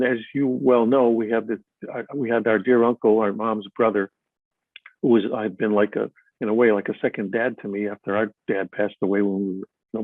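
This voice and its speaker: A husky, breathy-voiced older man rambles through stories in a live interview, restarting his sentences and stacking up fillers. The sound is tinny and phone-like, and dry, with no room echo. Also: mid-range voice. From Chicago. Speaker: actor being interviewed. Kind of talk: live stage interview, storytelling.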